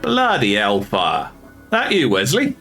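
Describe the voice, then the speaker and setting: Man putting on a gruff old sailor. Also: medium pitch, huge pitch swings, slow, bright, forceful tone, soft background music, voice pushed up, exaggerated voice. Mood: surprised. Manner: blunt, salty sailor talk. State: lame from a badly healed leg wound. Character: gruff older male sailor, old family friend.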